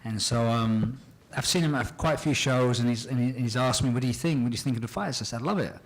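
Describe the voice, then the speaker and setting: A man answering fan questions at a convention panel, animated and excitable, often acting out scenes and laughing as he talks. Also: medium pitch, quick pace. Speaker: actor guest at a fan panel. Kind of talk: casual panel Q and A.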